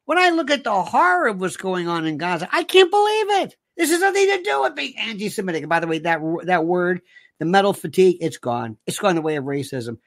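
A man's voice: high-pitched, very animated, fast talker. A man hosting his own show, delivering an emphatic, opinionated monologue and repeating himself for emphasis. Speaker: show host.

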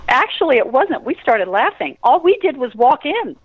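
A woman's voice: high-pitched, sing-song, moderate pace, slightly rough, narrow, tinny audio. A woman guest on a radio interview, telling stories with energy, laughing often and breaking into prayer. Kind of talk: animated interview storytelling.

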